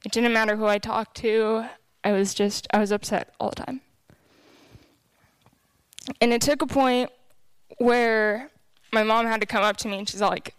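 A woman's voice: fairly high pitch, fairly even intonation, unhurried, pauses often, clear, resonant tone, no room sound. A young woman giving a candid, emotional personal testimony to a church group.

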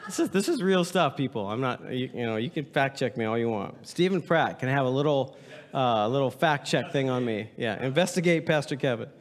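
Male pastor, joking sermon, bouncy animated delivery, reverberant sanctuary. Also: medium pitch, normal speed. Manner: playful, joking, reads aloud with mock drama. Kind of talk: humorous sermon to a congregation. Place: church sanctuary.

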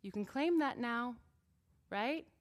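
A woman with a fairly high voice preaches a sermon before a congregation. She talks in a conversational way, joking with her listeners, then builds to emphatic passages before dropping back to quiet asides. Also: lively intonation, takes it slowly. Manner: jokes and laughs with listeners.

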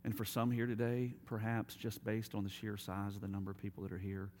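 A man preaching a sermon as pastor, telling stories and dropping to quiet, emphatic appeals. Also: lowish voice, completely flat delivery, a little fast, slight background noise.

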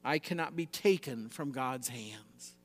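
A man preaching a sermon, emphatic, swinging between loud exhortation and quiet, low passages. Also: a little slow, big-room sound.

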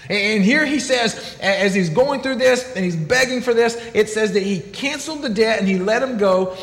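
A man preaching a sermon as pastor, animated and acting out quoted speech in different voices. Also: sits high. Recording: echoey hall, long reverb.

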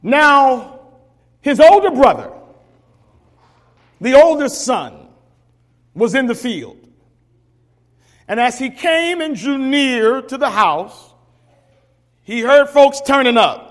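Preacher man, high voice swinging all over, big echoey church hall behind him. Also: very animated, slow, pauses often. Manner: preaching with rising, shouted emphasis and repeated calls to the congregation. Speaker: pastor. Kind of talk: sermon. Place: church sanctuary. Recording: long reverb of a large church hall.

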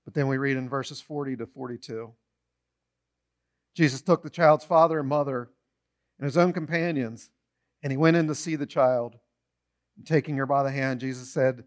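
A man preaching a sermon, retelling a story with animated storytelling and short acted-out quotes. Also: mid-range voice, normal speed, pauses often.

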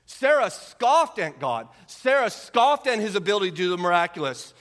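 A middle-aged man preaching a sermon as a pastor, animated and fond of rhetorical tag questions. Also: high-pitched, normal speed, few pauses. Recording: long hall reverb.

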